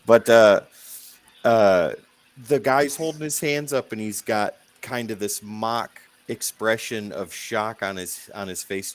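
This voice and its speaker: A man narrating a tabletop game as game master in a relaxed, descriptive way. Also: lowish voice, measured pace.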